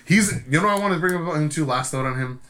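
A man's voice: on the high side, quick pace, a crowd in the background. A man co-hosting a podcast, telling a rambling story full of swearing and acting out the voices of the people in it. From Providence area, US. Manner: profane, animated storyteller acting out quotes. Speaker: podcast co-host. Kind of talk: casual storytelling chat.

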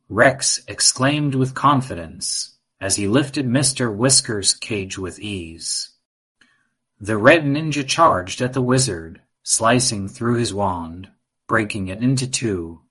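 A man narrating a children's adventure story in an even, measured reading. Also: fairly low pitch.

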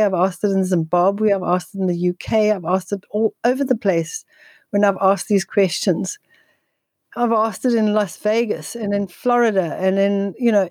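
A woman guest speaking on nutrition in an interview, telling stories in a quick, energetic way with frequent restarts. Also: mid-range voice, no echo. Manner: fast, energetic, with frequent restarts and repeated words. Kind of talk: conversational storytelling interview.

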